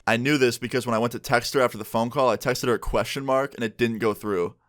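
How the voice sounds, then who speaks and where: Brief: young guy, quick casual storytime delivery, dry close sound. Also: mid-range voice, steady tone, fairly bright tone, dry recording. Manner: rapid, chatty, peppered with "like". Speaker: vlogger.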